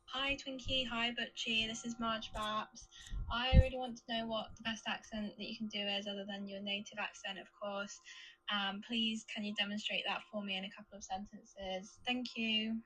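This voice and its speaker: A woman leaving a quick, polite voice message with a question for the hosts. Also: mid-range voice, level tone, a bit bright, rough recording. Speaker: listener sending a question.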